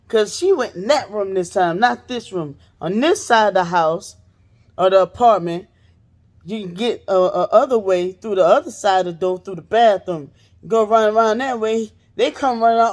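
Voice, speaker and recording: A woman's voice: a little high, moderate pace. A woman host telling a story in casual chat, profane and blunt, acting out what others said.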